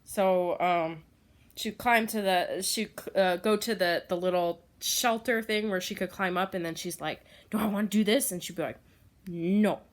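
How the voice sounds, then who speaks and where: A woman's voice: lowish voice, moderate pace. Rambling woman chatting at home. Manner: rambling, many fillers, laughs often. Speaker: vlogger. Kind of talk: casual chat.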